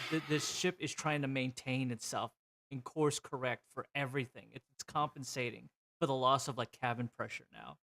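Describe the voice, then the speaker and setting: A man's voice: medium pitch, vocal fry, a bit bright, slight background noise. A man narrating a tabletop role-playing game as game master, describing scenes vividly with frequent fillers.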